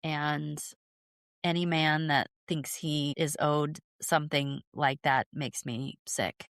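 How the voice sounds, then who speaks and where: A woman's voice: sits low, steady tone, slow, fairly bright tone, no room sound, clean studio sound. A woman podcast co-host in casual chat, often chiming in to agree and giving blunt opinions.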